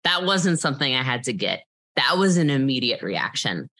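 A woman telling her own story in an interview, emphatic and animated, blunt and swearing freely. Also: a bass voice, moderate pace. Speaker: guest.

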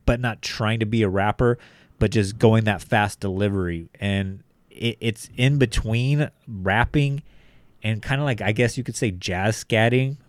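A rambling man with a fairly low voice, talking loosely about music as a podcast co-host. He keeps dropping "like" into his sentences and swears freely. The sound is dry and close. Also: measured pace, no room sound. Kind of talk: casual music discussion.

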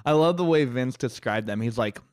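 A man co-hosting a casual podcast, rambling in a relaxed way and swearing casually. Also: mid-range voice, brisk, smooth, no echo, clean studio sound. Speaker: podcast co-host. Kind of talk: casual chat.

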